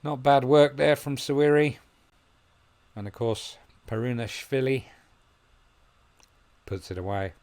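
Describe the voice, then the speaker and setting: A man commentating on his football management game, musing quietly and then breaking into excited play-by-play. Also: medium pitch, unhurried, long pauses. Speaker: gaming video host. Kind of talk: gameplay commentary.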